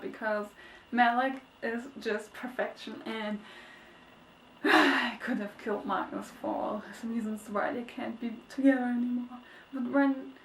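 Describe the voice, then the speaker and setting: A young woman reviewing a book in a casual vlog, gushing and excitable, swinging between squeals and sad murmurs. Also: a little hiss or hum. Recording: echoey, distant, low-quality webcam audio.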